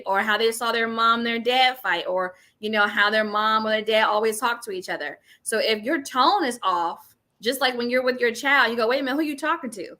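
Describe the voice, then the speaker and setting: This is a middle-aged podcast co-host whose voice is a little high, bright and forceful. She chats animatedly and informally about a book, regularly acting out quoted voices.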